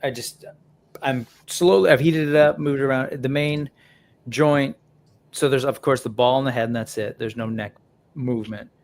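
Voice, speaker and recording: A man's voice: mid-range voice, moderate pace. A man on a live stream asking hesitant questions in casual chat.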